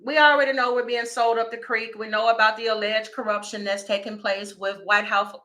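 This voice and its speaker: A woman chats through a tarot reading on a livestream and talks directly to her audience. Her voice sits fairly high and has a bright edge. She sounds lively and informal as she jumps from joking to urgent appeals. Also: fairly quick. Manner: chatty, animated, talks straight to viewers. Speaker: tarot reader.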